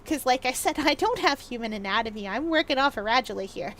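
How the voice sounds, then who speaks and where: Bright, high-voiced woman game streamer. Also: lively intonation, fast, a little hiss or hum. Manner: chatty and playful, with frequent ums and laughs. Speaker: gaming streamer. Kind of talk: casual chat while live streaming a game.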